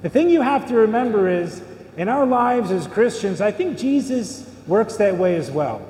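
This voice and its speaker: A man's voice: high-pitched, lively intonation, moderate pace, mellow. A middle-aged man, a priest, preaching a sermon in a church in a conversational way, full of rhetorical questions. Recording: echoey church hall with long reverb.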